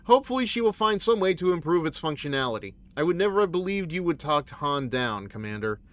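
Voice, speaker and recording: A formal alien admiral with a strange put-on accent delivers her message in a measured, stately way, played by a man. The voice sits a little high and moves around a lot in pitch. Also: very animated. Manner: reads a message aloud in a stately tone.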